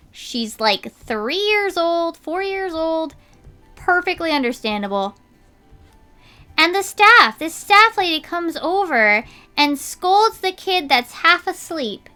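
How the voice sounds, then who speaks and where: A woman's voice: high-pitched, bright, forceful tone. A young woman streamer chatting casually while she draws, telling an indignant story with lots of filler words.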